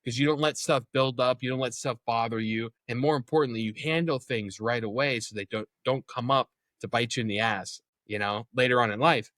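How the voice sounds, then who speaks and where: A man's voice: mid-range voice, brisk, few pauses, a bit bright, dry recording. A young man as an interview guest, telling his story in a candid, casual way, swearing freely and acting out what others said.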